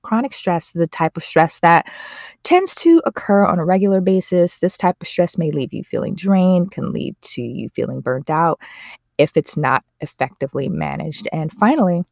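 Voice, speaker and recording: A woman's voice: fairly low pitch, expressive, moderate pace, a little mellow, dry recording, studio quality. A woman hosting a podcast, talking earnestly and emotionally, often correcting herself as she goes. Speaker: podcast host. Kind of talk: casual podcast monologue.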